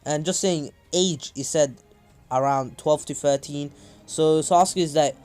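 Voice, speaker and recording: A young man casually telling a fan-fiction story, rambling with frequent self-corrections and throat clearing. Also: a little high, a little slow, a little mellow, soft background music.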